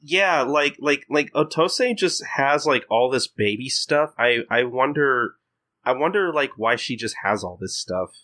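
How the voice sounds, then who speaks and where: Young male podcast guest, bright and forward tone, halting delivery full of restarts. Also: medium pitch, lively intonation. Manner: hesitant, repeats words and restarts often. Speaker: podcast guest, fan translator. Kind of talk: casual podcast chat.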